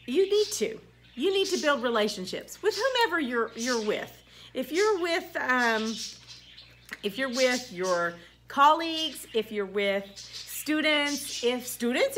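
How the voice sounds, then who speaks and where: A middle-aged woman, a teacher, chatting casually into the camera and telling stories about her students with animated quoted voices. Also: sits high, slight background noise. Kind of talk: casual vlog monologue.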